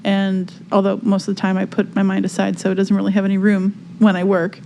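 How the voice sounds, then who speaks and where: A woman's voice: mid-range voice, monotone, a little fast, vocal fry, dark tone, slight background noise. A woman co-hosting a casual spiritual podcast chat, talking reflectively and searching for words with many fillers. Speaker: podcast co-host.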